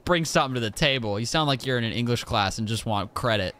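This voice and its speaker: A man streaming a video game, giving excitable, joking commentary as he plays. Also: medium pitch, quick pace, hardly any pauses, slight background noise. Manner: excitable, exclaims and jokes to himself. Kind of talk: live gameplay commentary.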